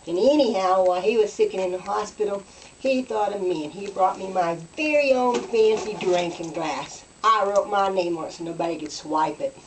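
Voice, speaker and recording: Woman comic, folksy deadpan storyteller, distant faint-hissy recording. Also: medium pitch, moderate pace. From West Virginia. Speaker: comedian. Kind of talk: deadpan hillbilly stand-up routine.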